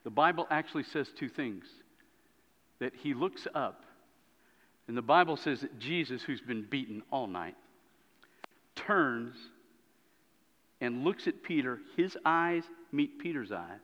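A man preaching a sermon as a pastor, telling a story with lively swings between loud and hushed moments. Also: medium pitch, measured pace, pauses often. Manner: animated storytelling, dropping to hushed tones. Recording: dull lo-fi sound in a reverberant hall.

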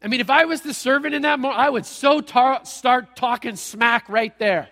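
Animated preaching man, high bright voice. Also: normal speed, hardly any pauses, long reverb tail. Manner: animated storytelling, acts out characters, jokey. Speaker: pastor. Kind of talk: sermon.

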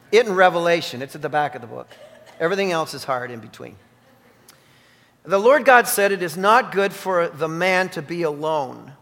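A man preaching a sermon in an animated, exclaiming way, often restarting his sentences. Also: high voice, big-room sound. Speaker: pastor.

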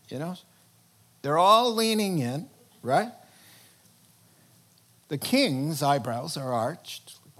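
A man preaching a sermon, retelling a story with lively acted-out character voices and chuckles. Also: on the high side, slow pace, long pauses, husky.

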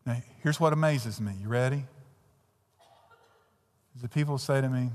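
A man preaching a sermon as pastor, putting direct questions to his congregation and swinging between emphatic and hushed delivery. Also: medium pitch, moderate pace, long reverb tail.

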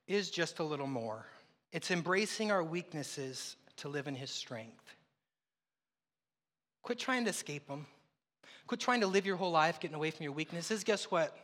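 A man preaching in a church sanctuary, his high, bright voice carrying a long reverb from the hall. He tells stories in an easy, conversational way and pokes fun at himself. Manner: conversational storytelling, self-deprecating. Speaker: pastor. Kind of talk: sermon.

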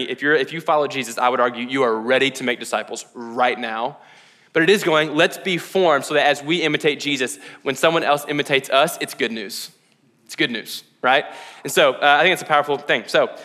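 A young man giving a sermon as a pastor, talking casually with lots of slang, asking "right?" and using many "like"s. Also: medium pitch. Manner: casual, animated, slangy preaching with frequent "like" and "right?". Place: church hall. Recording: reverberant hall.

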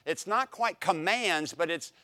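A man's voice: high-pitched, unhurried, pushed and bright. A young man teaching a Bible class, emphatic and repeating phrases for stress, with light jokes to his students. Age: young adult.

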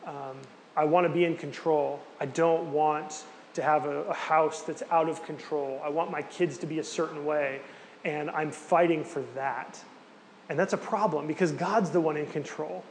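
A man's voice: a little high, steady tone, a little slow. A man giving a casual, conversational teaching talk with many fillers and asides. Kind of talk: sermon-style teaching talk. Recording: hall reverb with faint background noise.

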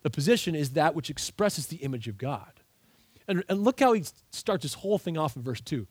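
A man's voice: a little high, sing-song, darkish tone, slightly rough, no echo. Emphatic man preaching a sermon, dry sound. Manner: earnest, emphatic preaching with quick asides. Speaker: pastor. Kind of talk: sermon with scripture reading.

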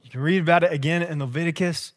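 Pastor, young adult man, high voice, chatty storytelling sermon, hall echo. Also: quick pace. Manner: conversational storytelling, animated asides. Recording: long hall reverb.

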